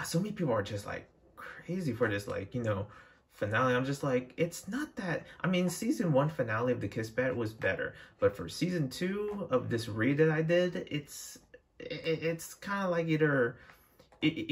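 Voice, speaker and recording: A young man chatting casually to his viewers as a vlogger, rambling with frequent restarts and fillers. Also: medium pitch. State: dry throat, out of breath. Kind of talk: casual chat to camera.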